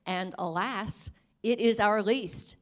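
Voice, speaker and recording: A woman journalist speaking on a panel, halting with many fillers and restarts, earnestly pleading. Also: mid-range voice. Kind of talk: panel discussion.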